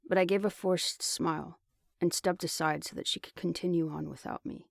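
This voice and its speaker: A man reads an audiobook in the first person, telling the story steadily. His voice sits a bit high for a man and has a gravelly texture. The sound is dry and close to the mic. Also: fairly even intonation, fairly quick, no room sound. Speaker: audiobook reader. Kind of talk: audiobook narration.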